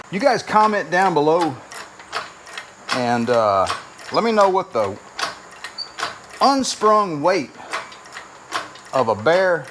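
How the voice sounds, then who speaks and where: A man hosting a garage vlog, rambling in a folksy, self-deprecating way while working in his home garage and driveway. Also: on the high side. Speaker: garage channel host. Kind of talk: casual workshop vlog narration. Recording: noisy garage recording with clanking.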